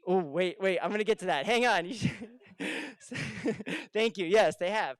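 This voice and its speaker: A man giving a lively seminar talk on retirement income, asking the room questions and telling stories. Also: high voice, brisk, clear, resonant tone, no room sound. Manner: energetic, conversational, asks the room questions. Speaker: financial advisor speaking at a seminar. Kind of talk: live seminar talk to an audience. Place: room with a live audience.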